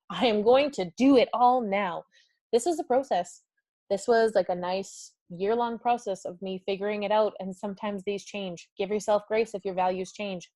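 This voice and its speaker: A woman's voice: medium pitch, no echo. Woman hosting a live stream, gushy and upbeat, laughs a lot, chats right to viewers, dry close sound. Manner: energetic and effusive, laughs often; talks directly to viewers and reads comments aloud. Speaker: summit host. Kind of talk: live-streamed motivational talk.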